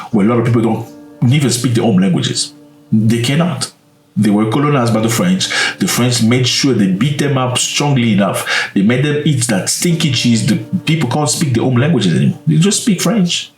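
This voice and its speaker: A man hosting a casual commentary, lively and expressive, now and then dropping to a hushed aside. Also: medium pitch. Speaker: commentary channel host. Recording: roomy echo, slightly distant mic, faint music.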